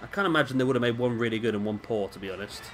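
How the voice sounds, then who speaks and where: A man's voice: mid-range voice, rapid-fire, faint music behind. A man giving casual, rambling commentary over a wrestling video game and often correcting himself. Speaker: gaming commentator.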